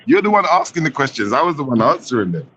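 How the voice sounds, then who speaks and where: A man calmly arguing a point as a guest in a live-stream debate. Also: mid-range voice, slight background noise. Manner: measured, insists on talking freely. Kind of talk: calm argument on a live stream. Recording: dull lo-fi call audio.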